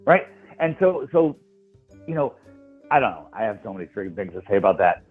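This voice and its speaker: A man tells stories in a lively way, often repeating his words mid-thought. He is heard over a thin, phone-like call line. Faint music plays underneath. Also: fairly low pitch, brisk, slightly rough. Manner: animated storyteller, repeats words. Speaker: guest. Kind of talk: casual chat.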